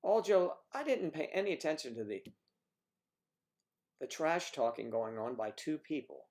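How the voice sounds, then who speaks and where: A man hosts a casual livestream and reacts to his viewers' comments as they come in. His delivery is loose and rambling, full of teasing asides and throwaway jokes. His voice sits at an ordinary middle pitch for a man. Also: sing-song, moderate pace. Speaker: livestream host.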